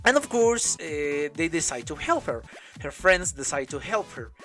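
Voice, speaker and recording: A woman's voice: sits low, big pitch swings, moderate pace, fairly bright tone, faint music behind. A woman hosting an anime reaction, talking casually in non-native English and often breaking into laughter.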